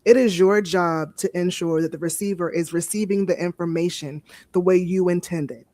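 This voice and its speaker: A woman's voice: fairly low pitch, steady tone, moderate pace, dark tone, dry recording. A woman in a casual group talk, thoughtfully explaining what she learned in a class.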